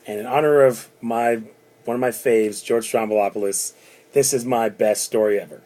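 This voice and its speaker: A man's voice: mid-range voice, fairly even intonation, normal speed, warm tone, rough recording. A man in his thirties from Canada, rambling chattily through a personal story and acting out the people he quotes. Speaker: bar doorman telling a personal story. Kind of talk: casual spoken anecdote.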